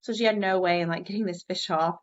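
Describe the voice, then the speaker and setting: A woman co-hosting a podcast, telling a fishing story in casual chat, lively and swearing casually. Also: fast, highs cut off. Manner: animated, jumps high when quoting herself, swears casually. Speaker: podcast co-host.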